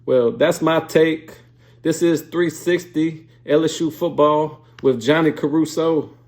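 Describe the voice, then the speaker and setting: A man's voice: a little high, fairly even intonation, unhurried, darkish tone. A man hosting a sports show, giving blunt, profane, fired-up casual opinion commentary.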